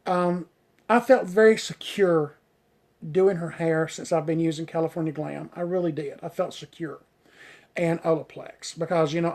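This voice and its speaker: A man's voice: on the high side, a little mellow. A man working as a hairstylist, chatting casually on a live stream and answering viewer comments, rambling enthusiastically with lots of filler words and getting tongue-tied on hard words. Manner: rambling, heavy on "you know" fillers, enthusiastic.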